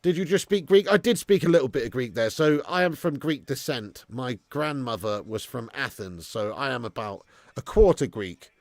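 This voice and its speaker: Gravelly man hosting a live stream. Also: mid-range voice, lively intonation, moderate pace, no room sound. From England. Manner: banter-filled, swears freely, reads out viewer messages. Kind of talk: casual live watch-along chat.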